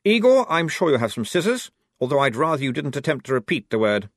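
A man voicing a fussy, prim young army officer who talks in a brisk, precise, self-satisfied way. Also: mid-range voice, very animated, no echo, studio quality, voice pushed up. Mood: crisp. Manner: brisk, precise, pleased with himself.

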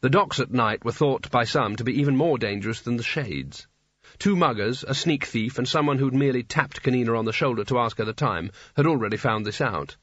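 Husky man narrating an audiobook. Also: medium pitch, fairly quick, fairly bright tone, dry recording. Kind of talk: scripted narration. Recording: dry, slightly dull audiobook recording.

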